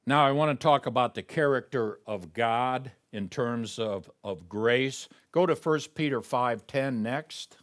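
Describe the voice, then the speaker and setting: A man's voice: medium pitch, measured pace, few pauses. A man preaching a sermon as pastor, emphatic and reading scripture aloud.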